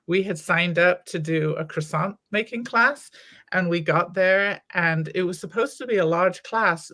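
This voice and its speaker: A woman's voice: on the low side, fairly bright tone. A woman from Wales, with an American accent carrying a faint Welsh trace, co-hosting a casual podcast chat with hesitant restarts. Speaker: podcast co-host.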